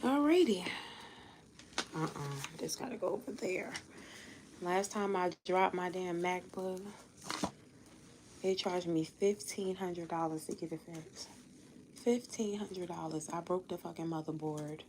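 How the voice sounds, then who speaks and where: A woman's voice: lowish voice, a little slow, pauses often, background noise. A woman tarot reader, chatting casually and bluntly on a live stream at home and swearing freely. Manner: blunt, swears freely, talks to family off-mic. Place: home room.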